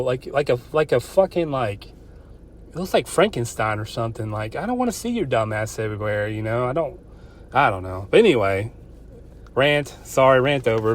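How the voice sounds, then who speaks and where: A man who calls himself an old man, hosting a podcast and ranting in a profane, rambling way, often restarting his sentences. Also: medium pitch. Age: older. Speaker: podcast host. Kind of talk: casual solo podcast rant.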